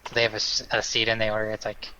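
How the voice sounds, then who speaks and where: Male game master, bright tone, halting narration, lo-fi. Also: on the low side, completely flat delivery, a little hiss or hum. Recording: dull lo-fi recording.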